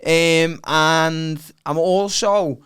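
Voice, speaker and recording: A man's voice: a little high, very slow, background noise. A man in his twenties with a Liverpool accent, a guest comedian telling stories in casual podcast chat and acting out what people said. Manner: animated storyteller, acts out quotes.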